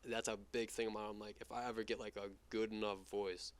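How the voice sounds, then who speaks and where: A young man from New York, a guest in a casual interview, telling stories quickly with lots of fillers and swearing. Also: fairly low pitch, little pitch movement, smooth. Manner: rapid, profane, filler-heavy storytelling. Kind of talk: casual chat.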